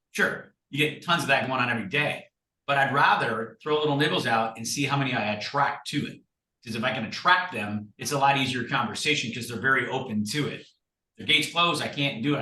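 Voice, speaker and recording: Male guest coach, animated and emphatic, bright tone, roomy echo. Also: medium pitch. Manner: animated, emphatic, acts out sample conversations. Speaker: guest speaker, recruiting coach. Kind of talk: energetic coaching talk on a video call. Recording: echoey room.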